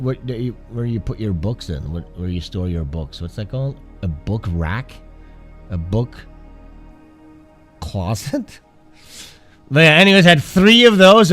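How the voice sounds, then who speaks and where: A man hosting a casual livestream while sick with the flu, his voice nasal and stuffed-up, rambling and swearing as he talks, with faint music behind him. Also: medium pitch. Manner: rambling, profane, self-interrupting. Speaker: art streamer host. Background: faint background music.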